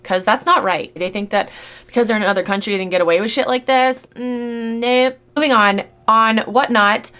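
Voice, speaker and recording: A woman's voice: a little high, moderate pace, pushed and bright, clean tone. A woman vlogger who resells goods, talking casually and bluntly, swearing freely and sounding exasperated. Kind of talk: casual rant commentary.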